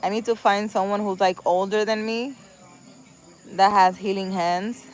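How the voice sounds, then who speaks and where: A woman's voice: medium pitch, steady tone, measured pace, a little hiss or hum, poor audio. Chatty young woman telling a spooky story. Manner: chatty, repeats phrases, acts out quoted dialogue. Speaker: spiritual healer vlogger. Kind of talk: casual late-night storytelling.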